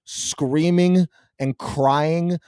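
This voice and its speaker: A young man rants profanely through a casual podcast chat, breaking now and then into squealing mockery of people he dislikes. His voice sits a bit high for a man. The sound is close and dry, with no room around it. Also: fairly even intonation, very slow, a little mellow, clean tone, no room sound. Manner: profane, ranting, mocks others in squealing voices. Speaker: podcast host.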